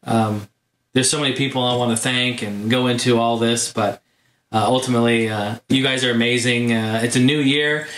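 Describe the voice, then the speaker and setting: A man hosting his gaming channel, telling a story in a casual vlog monologue, animated and full of fillers. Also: medium pitch, moderate pace. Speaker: YouTube gaming channel host. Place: home room. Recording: roomy echo.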